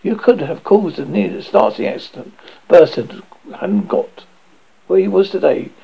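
A man reads a comic novel aloud with a lively, expressive delivery. His voice is gravelly and husky and moves through a wide range of pitch. The recording sounds dull and lo-fi. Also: a little slow. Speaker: audiobook narrator. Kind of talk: novel reading.

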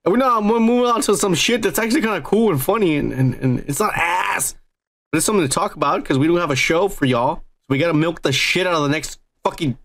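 Podcast co-host, man, fairly high voice, profane and rambling. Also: animated, fast talker, creaky, a bit bright. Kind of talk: crude casual podcast chat.

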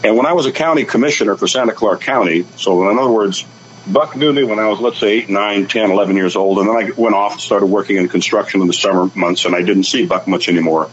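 A man's voice: on the low side, fast talker, highs cut off, slight background noise. Older man telling folksy cowboy stories. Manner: folksy anecdotal storytelling, acting out quoted voices. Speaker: guest, author and rancher. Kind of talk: storytelling on a radio talk show.

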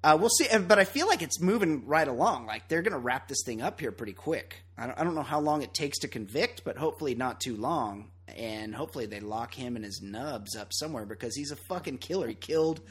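A man co-hosting a podcast in casual banter, loud, opinionated and profane, often laughing. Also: mid-range voice, lively intonation, a little fast, hardly any pauses, husky. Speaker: podcast co-host.

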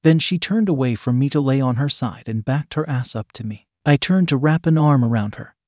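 A man reading a first-person adult story aloud in a steady, deliberate way. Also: medium pitch, no echo, clean studio sound. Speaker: narrator.

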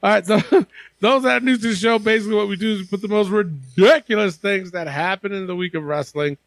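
Man, podcast host, high gravelly voice, swearing and laughing, casual chat. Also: a little fast, dry recording. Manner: profane, laughing, loose banter.

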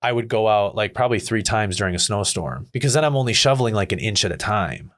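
A man in casual chat telling a profane, irritated story about his neighbor, acting out his rants in a much higher voice. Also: expressive, fast talker, fairly bright tone.

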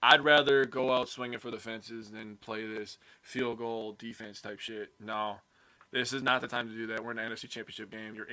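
A young man co-hosting a casual sports podcast, excitable and jokey, swearing casually as he talks. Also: on the low side, moderate pace, clear, resonant tone, dry recording. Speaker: podcast co-host.

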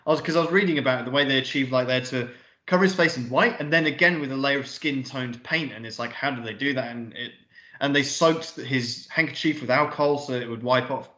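A man co-hosting a film review podcast, talking casually and excitedly, swearing and acting out scenes. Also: medium pitch, echoey room. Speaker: podcast co-host.

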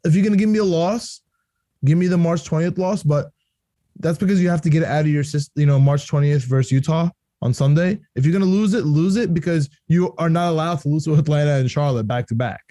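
A young man co-hosting a casual sports podcast, rambling and excitable and laughing often. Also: fairly high pitch, quick pace, dry recording, studio quality. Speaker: podcast co-host.

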